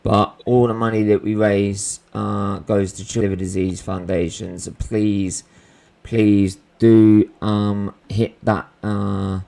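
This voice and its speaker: A man's voice: fairly low pitch, level tone, takes it slowly, gravelly, warm tone. A man hosting a live football watchalong stream, chatting casually and rambling with slang and fillers.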